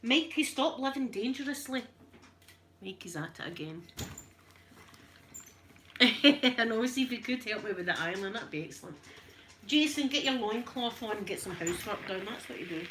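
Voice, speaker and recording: A woman's voice: medium pitch, expressive, moderate pace, pauses often, a bit bright, a little hiss or hum. A Scottish woman hosting a chatty live stream while ironing, emotional and tearful, greeting her viewers by name.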